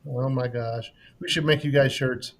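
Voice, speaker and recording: A man's voice: medium pitch, steady tone, moderate pace. A man hosting a live stream, chatting casually and joking with frequent laughs.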